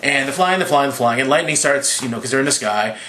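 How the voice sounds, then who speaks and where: A slightly drunk young man rambling through a profane, casual movie recap with quick impressions. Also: mid-range voice, sharp tone, echoey room, slight background noise. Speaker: movie reviewer.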